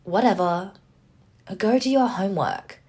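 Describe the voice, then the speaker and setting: A woman's voice: mid-range voice, lively intonation, a little slow, a little mellow, husky. A woman voicing a cocky young man, a trash-talking gamer coworker, with smug, teasing banter. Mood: dismissive.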